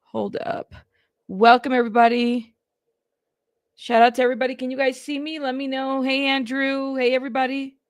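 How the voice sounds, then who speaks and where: Brief: high-voiced woman host, bubbly, greets her chat, dry close mic. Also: little pitch movement, normal speed, dry recording. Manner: bubbly, shouting out chat members by name. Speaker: livestream host. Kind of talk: casual livestream chat. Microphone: plug-in mic at a computer.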